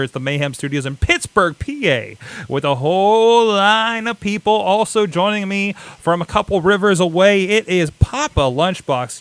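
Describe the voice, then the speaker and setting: A man's voice: on the high side, a bit bright, clean tone, no room sound. A man hosting a casual wrestling podcast from a studio, upbeat and jokey, rattling off plugs. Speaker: podcast host. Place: home studio.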